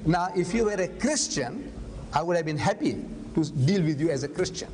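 An older man lecturing and debating in public, forceful and argumentative, firing rhetorical questions. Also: fairly high pitch, expressive, moderate pace. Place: large lecture hall. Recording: long hall reverb, faint noise.

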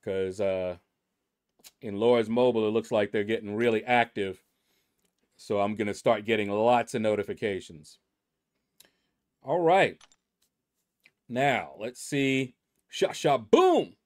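A man's voice: fairly low pitch, a little slow, pauses often. Laid-back male gaming channel host. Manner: laid-back and rambling, with many asides. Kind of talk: casual commentary reading a leaderboard.

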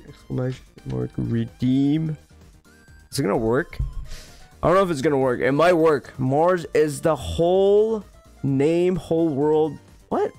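A man live-streaming a game, excitably greeting viewers and reading chat aloud. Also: on the high side.

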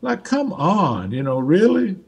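Husky, slightly high Southern man; rambling guest storyteller. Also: sing-song, measured pace, highs cut off. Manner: rambling, repeats words as he restarts. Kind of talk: casual storytelling conversation.

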